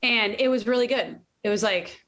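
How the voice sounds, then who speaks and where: A woman in her late thirties appears as a podcast guest in casual conversation, telling stories candidly and animatedly, laughing often and swearing now and then. Her voice is a little high, with a moderate pace.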